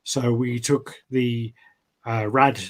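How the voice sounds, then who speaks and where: A man's voice: mid-range voice, level tone, takes it slowly. Sweary man in casual chat. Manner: swears freely, trails off with fillers. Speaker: co-host of a collectibles chat show.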